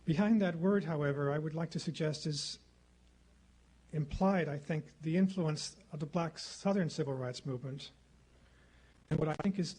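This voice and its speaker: A middle-aged man giving a formal public lecture at a podium microphone in a lecture hall, speaking in a measured, rhetorical way and repeating phrases for effect. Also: on the high side, a little mellow, slight background noise. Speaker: guest lecturer.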